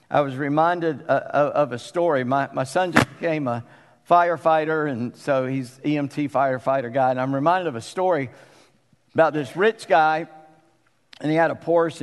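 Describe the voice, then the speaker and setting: A middle-aged man preaching a conversational sermon as pastor, often putting questions to the congregation. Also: fairly high pitch. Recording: long reverb of a church hall.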